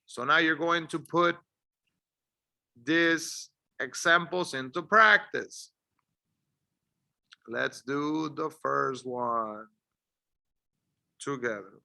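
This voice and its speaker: A man teaching an English lesson, encouraging and drilling words clearly for learners to repeat. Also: fairly high pitch, very animated, slow pace, long pauses, bright, forceful tone. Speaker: ESL teacher. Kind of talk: slow, deliberate English lesson.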